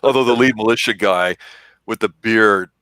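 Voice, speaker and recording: A man with a deep, low voice talks through a TV episode review in a steady, considered manner. The sound is dry and close, with no room around it. He speaks as a podcast co-host in casual chat. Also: normal speed, clean tone, no echo.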